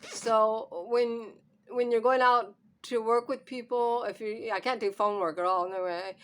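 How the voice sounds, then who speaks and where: A woman's voice: on the high side, fairly even intonation, unhurried. A hard-of-hearing woman vlogging at home into her camera, upset and trying not to cry, with nervous laughs. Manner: upset, holding back tears, nervous laughter. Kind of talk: emotional personal vlog.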